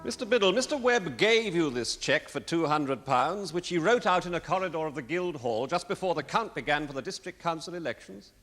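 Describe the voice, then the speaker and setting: An actor playing a defence barrister in a courtroom drama, cross-examining with incisive, sardonic questions. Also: male voice, a little high, animated, fairly quick, hardly any pauses, fairly bright tone, long reverb tail.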